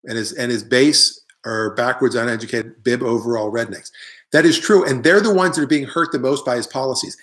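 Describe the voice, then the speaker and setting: A man's voice: mid-range voice, brisk, a bit bright. A middle-aged man hosting a live online show, delivering a rambling, opinionated comic monologue with jokey asides while he answers viewer comments.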